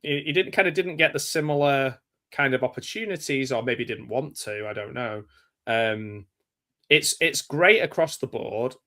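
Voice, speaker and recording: An English man talks film in a loose, meandering way, circling back on himself and joking at his own expense. His voice is bright and forward. It's a relaxed, casual podcast chat. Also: medium pitch. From England. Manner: rambling, self-deprecating, quick jokes. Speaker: podcast co-host.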